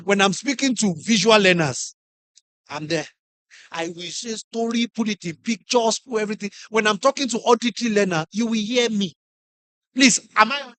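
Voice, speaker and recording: A middle-aged man with a Nigerian English accent giving a lively motivational talk to teachers, acting out classroom stories and putting questions to the audience. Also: high voice, normal speed, no echo. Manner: animated storyteller, acts out classroom scenes, asks the audience questions. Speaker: conference speaker.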